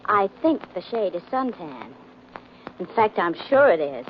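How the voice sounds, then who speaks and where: A woman's voice: medium pitch, very animated, measured pace, slight background noise. An actress playing a playful, teasing girlfriend in 1940s radio acting. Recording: lo-fi old radio recording.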